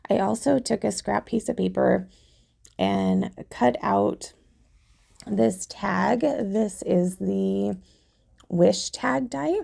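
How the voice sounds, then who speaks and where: A woman with a hoarse, husky voice from a cold, chatting casually as she walks through a craft project in her tutorial video. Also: medium pitch, expressive, takes it slowly, dark tone. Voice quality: gravelly, husky. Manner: chatty, self-deprecating. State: hoarse from illness.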